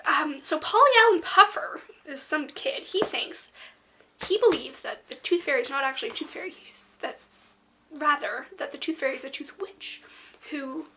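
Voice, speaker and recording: A woman chatting casually in a book review vlog, rambling with lots of fillers and slipping into soft, whispery asides. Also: high-pitched.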